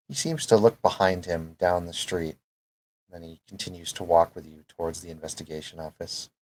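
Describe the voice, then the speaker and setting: Game master, man with a very deep voice, easygoing narration. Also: normal speed, pauses often, a little mellow.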